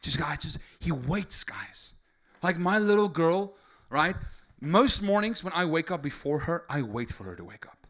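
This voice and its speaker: A man's voice: a little high, lively intonation, unhurried, hardly any pauses. Fervent preacher man. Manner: conversational, builds to fervent shouting. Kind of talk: sermon.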